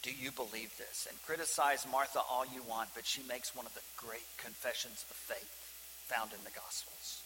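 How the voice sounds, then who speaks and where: A man preaching a sermon as pastor, swinging from loud emphasis to hushed, near-whispered lines. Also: mid-range voice, steady tone, normal speed. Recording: reverberant hall with faint hiss.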